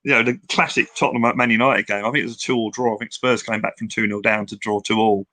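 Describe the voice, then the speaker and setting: An older Englishman appears as a guest in a casual interview, telling long, rambling stories full of restarts and acted-out quotes as he reminisces. His lowish voice is bright and forceful with fairly even intonation, and he talks fast in a dry recording.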